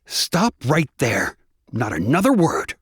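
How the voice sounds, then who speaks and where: A man's voice: mid-range voice, huge pitch swings, slow, husky, no echo, studio quality, full character voice. A man voicing a self-righteous, defensive adult man in an audiobook, scowling and pleading.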